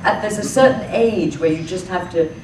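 A woman, an actress talking through her thoughts in a public talk, halting often with fillers and restarts. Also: fairly low pitch, darkish tone, slight background noise. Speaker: actress answering audience questions. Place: public library talk room. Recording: echoey room from far off.

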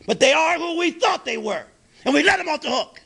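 A man's voice: very high voice, expressive, a little fast, vocal fry, background noise, pitched above the performer's own voice, full character voice. A man quoting a ranting football coach. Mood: indignant.

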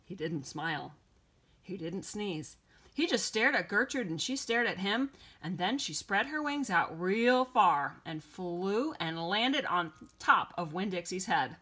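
Bright-voiced woman reading a story aloud. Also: lowish voice, lively intonation, measured pace. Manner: clear, storytelling read-aloud. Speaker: audiobook reader. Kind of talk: first-person audiobook narration.

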